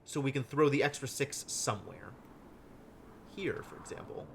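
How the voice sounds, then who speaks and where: A man streaming a strategy game live, thinking aloud with wry deadpan asides. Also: medium pitch, moderate pace, creaky, a little hiss or hum. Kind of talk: live gameplay commentary.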